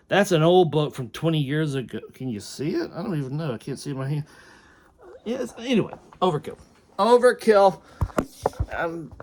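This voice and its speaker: A man recording a rambling personal video diary at home, unwell and dizzy, full of restarts and tangents. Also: fairly high pitch. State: unwell and dizzy after vertigo. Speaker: vlogger recording a personal note. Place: at home, indoors.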